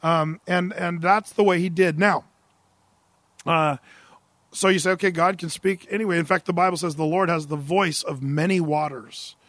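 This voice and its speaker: A man's voice: fairly high pitch, measured pace, dry recording. A middle-aged male pastor preaching a humorous, conversational sermon, telling Bible stories with lots of asides. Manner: humorous, conversational, animated storytelling.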